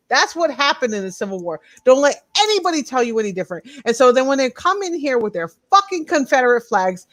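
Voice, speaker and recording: A woman's voice: high-pitched, very animated, fast, few pauses, fairly bright tone. A woman co-hosting a podcast, arguing in a heated casual debate with impassioned, profane ranting. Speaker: podcast co-host.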